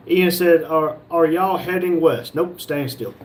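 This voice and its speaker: A man's voice: a little high, takes it slowly, slight background noise. Man reading live chat aloud. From North Carolina, USA. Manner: reads viewer comments aloud and jokes back. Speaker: livestream host reading chat.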